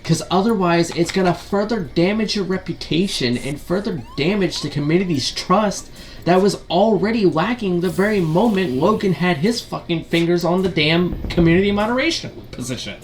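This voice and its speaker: A man's voice: sits high, lively intonation, normal speed. Profane, ranting gaming commentator man. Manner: rhetorical questions and repeated fillers.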